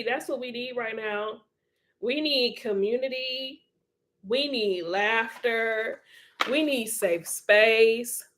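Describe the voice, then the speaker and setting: A woman hosting a casual livestream, reading viewer comments in a chatty, encouraging way and laughing often. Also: a little high. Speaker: livestream host.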